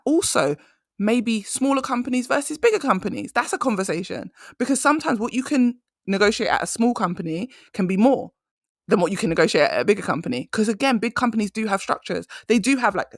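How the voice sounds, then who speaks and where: A woman's voice: on the low side, dry recording. Woman, career coach, storytelling, emphatic, dry close mic. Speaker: career coach, podcast host. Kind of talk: solo podcast monologue.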